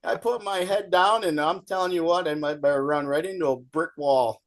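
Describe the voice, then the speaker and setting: A middle-aged man talks through his stories in an easygoing, folksy way. His voice sits somewhat high, and he jumps up loud when he quotes someone yelling. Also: normal speed. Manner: folksy, animated storyteller, acts out shouting coach. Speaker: guest. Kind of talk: casual storytelling chat.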